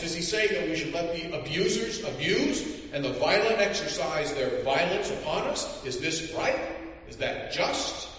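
A man preaching a sermon as pastor, measured and full of rhetorical questions. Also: a little high, a bit bright. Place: church. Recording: echoey church hall from far off, dull.

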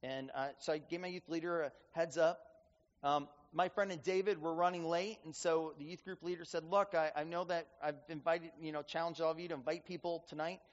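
A man's voice: fairly high pitch, fairly even intonation, a little fast. A male pastor telling stories in a sermon, repeating phrases for emphasis. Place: church sanctuary. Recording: reverberant hall, dull sound.

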